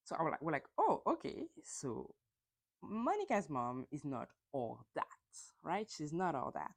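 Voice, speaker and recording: A woman's voice: low-pitched, sing-song, measured pace, vocal fry. A woman hosting a casual solo podcast, chatty and gossipy, swearing and acting out quotes in mocking voices. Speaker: podcast host.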